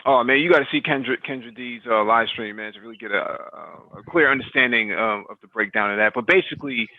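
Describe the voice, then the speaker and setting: A man's voice: mid-range voice, fast talker. Man explaining over a tinny line. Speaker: podcast panelist. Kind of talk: casual discussion.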